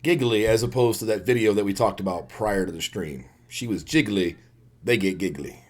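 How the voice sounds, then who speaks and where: A man's voice: lowish voice, moderate pace. A man co-hosting a podcast, trading jokes in casual chat about his family. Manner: joking banter. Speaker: podcast co-host.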